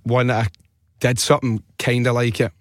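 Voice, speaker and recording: A man's voice: mid-range voice, level tone, brisk, no echo. A Scottish man in his thirties hosting a podcast in a studio, telling stories casually, laughing and swearing freely. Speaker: podcast host. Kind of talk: casual chat.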